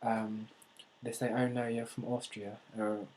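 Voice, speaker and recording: An American man giving a casual vlog monologue, talking in a thoughtful, halting way and repeating words as he thinks. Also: fairly low pitch, flat delivery, a little mellow, poor audio. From United States. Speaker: language-learning vlogger.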